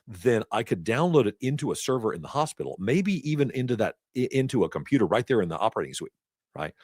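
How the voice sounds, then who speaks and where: Low-voiced man teaching a class. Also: dry recording, studio quality. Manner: chatty, storytelling asides with laughs. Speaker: instructor. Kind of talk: casual lecture. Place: classroom or event hall.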